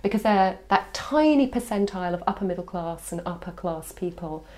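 Measured woman explaining. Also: on the low side, expressive, darkish tone. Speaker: language scholar. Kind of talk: explanatory interview.

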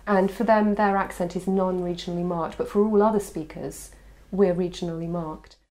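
A woman scholar explaining at length in a measured interview style. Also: fairly low pitch, steady tone, a little mellow. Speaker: language scholar.

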